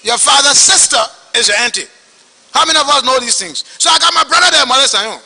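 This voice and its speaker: A man with a Liberian English accent testifying at a hearing, telling his story in an animated way and acting out the dialogue. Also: very high voice, fast, in a large hall, poor audio. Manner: animated, acts out quoted dialogue.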